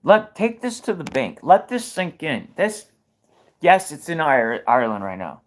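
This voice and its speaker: A man's voice: on the high side, sing-song, a little slow. Fired-up male livestream commentator. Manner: fired-up, rhetorical questions, restarts mid-sentence.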